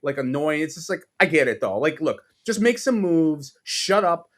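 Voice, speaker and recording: A man with a New York accent rants on a casual sports podcast, profane and exasperated. He slips into mocking voices to make his points, and his voice sits a little higher than most men's. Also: lively intonation, moderate pace, fairly bright tone. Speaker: podcast co-host.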